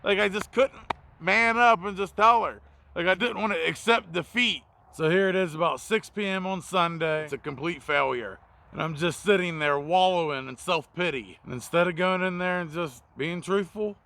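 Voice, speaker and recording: A man's voice: high voice, lively intonation, normal speed, pushed and bright. A man who works as a mobile mechanic, telling a confessional story in a blunt, profane, self-mocking way. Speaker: mobile mechanic and video host.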